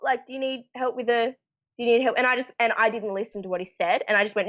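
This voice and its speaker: A woman's voice: medium pitch, fairly even intonation, fast. A young woman, telling a story in casual chat, acting out voices and laughing often. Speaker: actor guest. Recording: muffled lo-fi sound.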